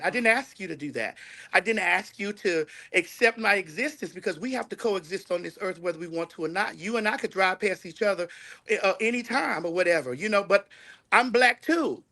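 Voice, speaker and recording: Woman guest arguing hard, gravelly voice, keeps repeating her point. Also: medium pitch, animated, normal speed, pushed and bright. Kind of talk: heated debate.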